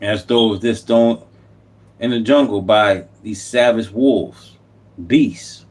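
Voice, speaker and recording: A man's voice: fairly low pitch, slow pace, darkish tone. A man, delivering an unscripted, impassioned political monologue as a YouTube commentator, repeating himself and preaching.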